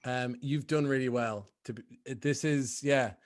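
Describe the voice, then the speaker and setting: A man's voice: medium pitch, fairly even intonation, moderate pace, lightly acted. A man improvising a nervous father who stammers and apologizes in a comedy scene. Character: anxious middle-aged father.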